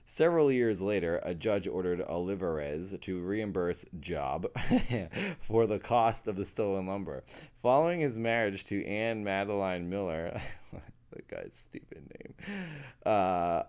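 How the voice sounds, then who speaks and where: A man's voice: low voice, animated, unhurried, a little mellow, clean tone. A man reading ghost stories aloud on a live stream and chatting with his viewers, playful, easily amused and poking fun at himself.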